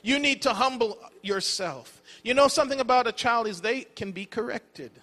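Bright high-voiced man preaching in a hall. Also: normal speed. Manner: storytelling preacher, folksy asides. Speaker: pastor. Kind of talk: sermon. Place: church sanctuary.

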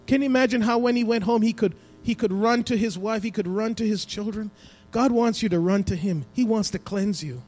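Man, pastor, high voice, preaching in church, hushed then emphatic, soft music behind. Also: fairly quick. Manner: preaching with swings between hushed and emphatic delivery. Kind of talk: sermon. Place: church sanctuary.

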